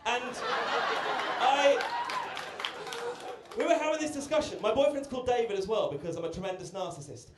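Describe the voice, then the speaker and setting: A man's voice: very high-pitched, moderate pace, long pauses, very noisy. A young British man doing a stand-up set, cheeky and chatty, bantering with the audience in a comedy club. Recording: roomy club with loud crowd.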